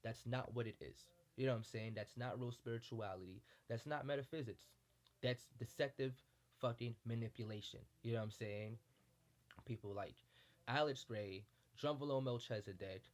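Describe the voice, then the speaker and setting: A man talks in a heated, impassioned monologue, blunt and full of profanity. His voice sits in a middle pitch, and he keeps checking in with his listener as he presses his point. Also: moderate pace. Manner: repeats "you know what I'm saying". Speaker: spiritual commentator.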